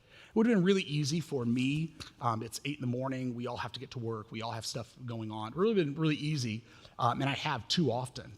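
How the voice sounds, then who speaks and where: A man in his thirties preaching a sermon as pastor, animated and self-mocking as he tells family stories. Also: medium pitch, brisk. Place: church sanctuary. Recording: long reverb of a church hall.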